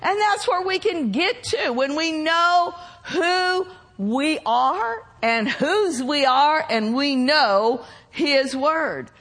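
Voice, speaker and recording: A woman's voice: high voice, lively intonation, slow, hardly any pauses, a bit bright. A woman preacher delivering a sermon to her church in an emphatic way, drawing out key words.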